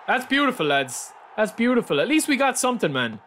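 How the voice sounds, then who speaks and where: A man's voice: extremely high pitch, very animated, fairly quick, few pauses, a bit bright. A man with an Irish accent commenting live on a stream while opening player packs, repeating his exclamations and calling his viewers lads. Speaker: game streamer.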